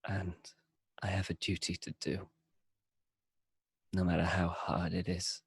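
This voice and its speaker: A man playing a grieving, dutiful young knight's son in a tabletop game, speaking in a tearful, halting way. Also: sits low, little pitch movement, vocal fry, breathy edge, no room sound, studio quality, exaggerated voice. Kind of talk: tabletop role-play in character.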